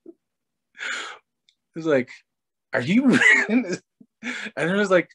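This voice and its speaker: Brief: man with a slightly high voice, laughing at his own stories. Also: sing-song, a little slow, long pauses, fairly bright tone, husky. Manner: laughing, self-mocking anecdotes. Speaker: presenter. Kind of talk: casual storytelling talk.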